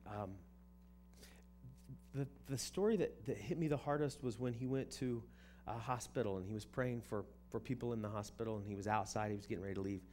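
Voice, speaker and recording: A man's voice: fairly low pitch, a little mellow, a little hiss or hum. A man preaching a sermon in a conversational way, often repeating words as he restarts a thought. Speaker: pastor.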